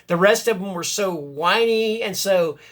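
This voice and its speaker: Man, booktuber, casual chat, rambling, self-correcting, enthusiastic, slightly high voice. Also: unhurried, fairly bright tone. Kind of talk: casual book chat and reading blurbs aloud.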